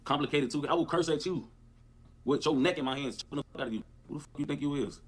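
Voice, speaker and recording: A man's voice: a little high, fast talker. A man delivering a profane, repetitive livestream rant. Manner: animated, repetitive, cursing.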